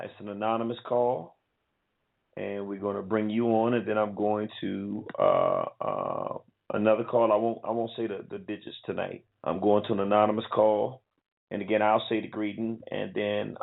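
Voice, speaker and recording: A man hosts a call-in radio show in a calm, plain-spoken manner. His voice is low and gravelly and comes through a narrow, phone-like line. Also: normal speed. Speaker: radio host.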